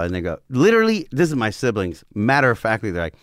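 Animated storytelling man in his forties. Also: mid-range voice, fairly quick, no room sound, clean studio sound. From northern Florida. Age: 40s. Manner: profane, animated storyteller acting out quotes. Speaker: podcast guest. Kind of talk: casual storytelling chat.

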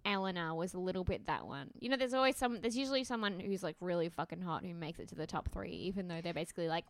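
A woman's voice: lowish voice, fast talker. A woman co-hosting a podcast, chatting casually about a reality dating show, with sarcastic asides and frequent giggles. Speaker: podcast co-host.

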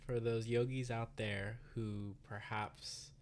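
A woman podcast host and yoga teacher who asks questions slowly and affirms her guest warmly. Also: rumbling low, steady tone, slight background noise. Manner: slow, affirming, encouraging. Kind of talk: interview hosting.

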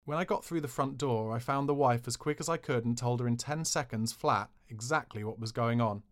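A man's voice: mid-range voice, fairly quick. A man reading a memoir aloud on a podcast, in a dry, cheeky storytelling way. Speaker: podcast narrator.

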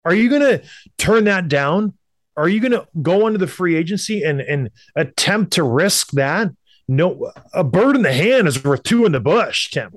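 A man's voice: high-pitched, animated, moderate pace, no echo, studio quality. A man from Canada, a show co-host, giving blunt, emphatic opinions in sports talk and repeating points for effect. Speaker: hockey podcast co-host.

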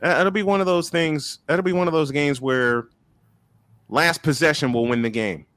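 A man from Chicago hosting a casual sports chat, animated and quick to laugh. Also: fairly high pitch, clear, resonant tone, dry recording. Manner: lively, animated, laughs often. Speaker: host.

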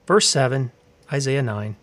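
A man's voice: mid-range voice, expressive, measured pace, a bit bright. A man preaching a sermon, fiery and confrontational, asking rhetorical questions and reading scripture aloud.

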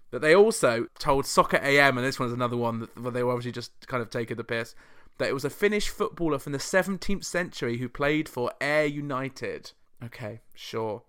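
A male chart show host from the UK who chats casually and makes sarcastic remarks. His voice is bright and crisp, and his delivery is clean and clear. He talks in an easy, conversational way. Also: mid-range voice. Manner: snarky, sarcastic and chatty. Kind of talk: casual commentary.

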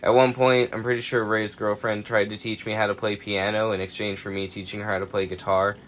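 A man in his twenties, a podcast co-host, telling a rowdy story casually, swearing freely and acting out quotes loudly. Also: lowish voice, little pitch movement, brisk, a little hiss or hum.

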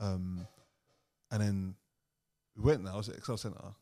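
A man's voice: low voice, fairly even intonation, normal speed, dark tone. A young man with a London accent telling a story on a podcast, rambling with many fillers and restarts. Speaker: podcast co-host. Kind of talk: casual storytelling.

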